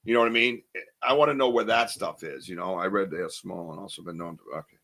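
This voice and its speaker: A man's voice: low voice, fast, bright, forceful tone. A man hosting a casual live podcast, rambling and chatty as he reads viewer comments aloud, with lots of ums and restarts. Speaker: podcast host.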